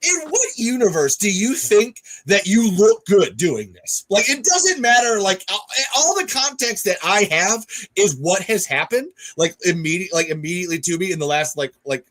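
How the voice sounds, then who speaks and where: A man hosting a casual podcast chat, excitable and sweary, his voice jumping up when he gets riled. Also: high-pitched, normal speed. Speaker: podcast host.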